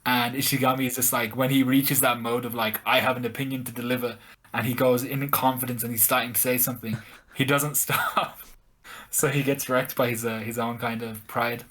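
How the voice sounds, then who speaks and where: A man co-hosting a podcast, retelling scenes in lively casual chat with repeated words. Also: mid-range voice, moderate pace. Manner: animated retelling, repeats words, laughs while telling. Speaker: podcast co-host.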